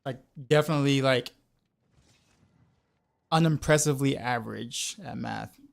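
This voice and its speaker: Here a male streamer talks casually at a normal pace while gaming, his mid-range voice creaky. He rambles, scattering "like" throughout and repeating things.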